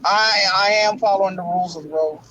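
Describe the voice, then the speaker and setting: A man co-hosting a casual wrestling talk show, talking in an emotional, preacher-like way with dramatic pauses. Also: high voice, bright, forceful tone, dull audio, a little hiss or hum. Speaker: podcast co-host.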